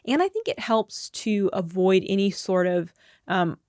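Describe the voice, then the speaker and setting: A young woman co-hosting a casual political podcast, chatty and quick to laugh, with bursts of excitement. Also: medium pitch, no echo, clean studio sound. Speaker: podcast co-host.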